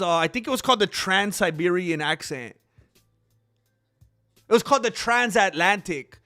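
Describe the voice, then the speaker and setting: Male stream host, playful and loose, laughs a lot, bright tense tone, fairly high voice. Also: no echo, clean studio sound. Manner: playful, laughs often, reads out chat. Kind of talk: casual live-stream commentary.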